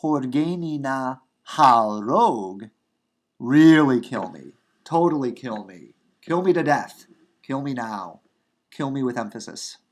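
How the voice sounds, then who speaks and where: A man teaching a grammar lesson, going slowly and repeating and rephrasing each example, with frequent fillers and restarts. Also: medium pitch, expressive. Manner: unhurried, repeats and rephrases for emphasis, many fillers. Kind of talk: recorded grammar lecture.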